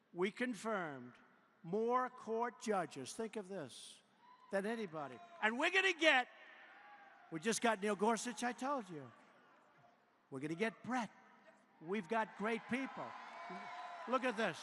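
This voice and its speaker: A man in his seventies delivers a rambling, boastful campaign rally speech into a podium mic, his voice strained up very high with a bright, forceful edge. He repeats himself and keeps riffing off-script. The sound carries a long arena reverb over a faint hiss. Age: 70s. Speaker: politician addressing a rally. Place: large indoor arena.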